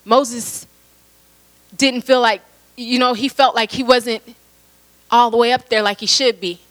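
A woman's voice: fairly high pitch, fairly even intonation, unhurried, pauses often, fairly bright tone, poor audio. A young adult woman preaching a sermon in an earnest way, often repeating herself and using fillers.

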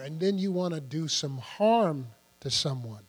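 Older guy preaching, high voice, chatty, keeps asking the room stuff, big hall echo and a hum. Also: expressive, measured pace, hardly any pauses, breathy edge. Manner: conversational, asks the congregation questions. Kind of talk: sermon. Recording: long hall reverb with mains hum.

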